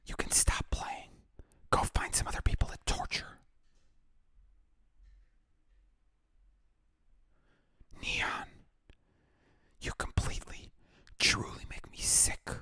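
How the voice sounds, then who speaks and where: A man's voice: measured pace, bright, forceful tone, no room sound. A man reading a heartbroken young woman's lines from a game aloud as whispered role-play, pleading and blaming herself. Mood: bitter. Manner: pleading, self-reproaching, breaks into unvoiced whisper.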